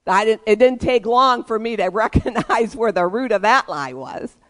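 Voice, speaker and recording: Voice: medium pitch, lively intonation, moderate pace, fairly bright tone. A pastor preaching a sermon, emphatic and leading the congregation in call-and-response.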